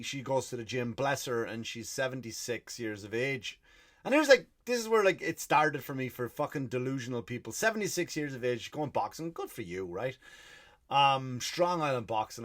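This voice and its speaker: Profane ranting podcast host. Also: male voice, fairly high pitch, a bit bright. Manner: profane, exasperated storytelling. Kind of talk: ranting comic monologue.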